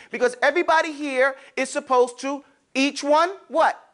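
A man teaching Arabic pronunciation to a class, demonstrating sounds with exaggerated mouth shapes in an animated way. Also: extremely high pitch, normal speed. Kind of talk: classroom lesson. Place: classroom with students.

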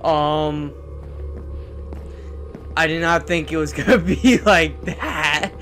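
A young man gives excitable let's play commentary on a horror game, his voice sitting a little high. He often repeats the same words over and over when startled. Faint game music plays underneath. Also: slow, pauses often. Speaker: gaming channel host.

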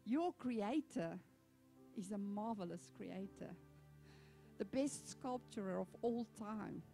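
A woman pastor preaching a sermon in an animated, conversational storytelling manner. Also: mid-range voice, takes it slowly, vocal fry, soft background music.

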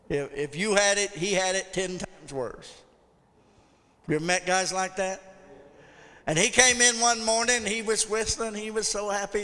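Male pastor, bright ringing voice, long church reverb, folksy sermon storyteller. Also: high voice. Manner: folksy storytelling with audience call-outs. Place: church sanctuary.

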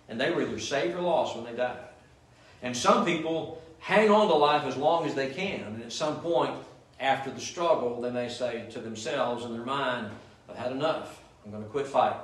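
A man's voice: mid-range voice, a bit bright. A male pastor preaching a sermon in a church, often asking the congregation "Amen?" as he goes. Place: church sanctuary. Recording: echoey church room, mic at a distance.

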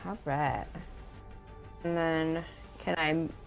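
A woman playing a tabletop game, speaking casually and checking the rules as she goes. Her voice sits a little lower than most women's. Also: steady tone, takes it slowly, vocal fry, faint music behind. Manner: casual, asks rule questions. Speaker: player.

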